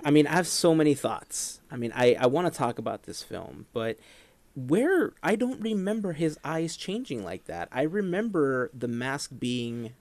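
A man in his thirties co-hosting a podcast, talking in an animated, playfully dramatic way. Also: fairly high pitch, normal speed, dry recording. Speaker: podcast co-host. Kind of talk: casual chat.

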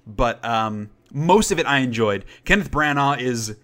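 A man's voice: mid-range voice, animated, a little slow, fairly bright tone. A man co-hosting a podcast, chatting casually about movies he watched, rambling with fillers and restarts. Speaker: podcast co-host. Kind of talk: casual chat reviewing movies.

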